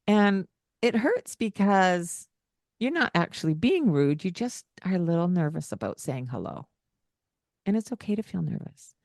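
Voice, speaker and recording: A woman co-hosting a parenting podcast in a casual chat, animated and breaking into singsong greetings as she acts out talking to children. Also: on the low side, a little slow, no room sound, studio quality. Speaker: podcast co-host.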